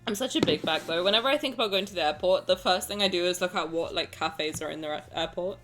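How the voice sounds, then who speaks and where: A young woman streamer chatting casually with her viewers, playful and rambling, with sudden loud bursts. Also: fairly low pitch, quick pace, over music. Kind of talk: casual chat with live chat.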